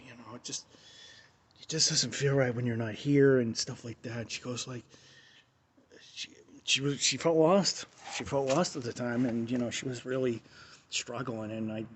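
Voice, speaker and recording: A man talks casually into his phone, rambling through a personal story, circling back and restarting his sentences as he goes. His voice sits in an ordinary middle pitch, with a faint hiss of background noise under it. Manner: rambling, many restarts and quoted dialogue. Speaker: show host. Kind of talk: casual spoken monologue.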